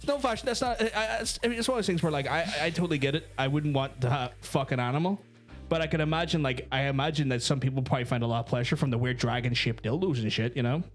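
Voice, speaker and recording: A man's voice: mid-range voice, very fast, soft background music. A young Northern Irish man hosting a crude comedy talk show, rambling with lots of fillers. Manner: rambling, lots of "like" and "you know".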